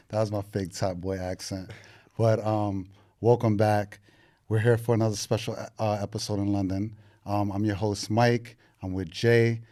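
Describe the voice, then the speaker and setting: A man hosting a podcast, relaxed and sprinkling in fillers. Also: on the low side, moderate pace. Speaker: podcast host. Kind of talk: casual hosting.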